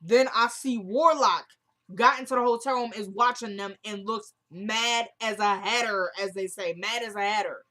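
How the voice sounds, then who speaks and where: A woman's voice: medium pitch, normal speed, pushed and bright. A woman vlogger recapping a TV drama episode in a casual, chatty way, retelling each scene line by line with "she goes" and informal slang.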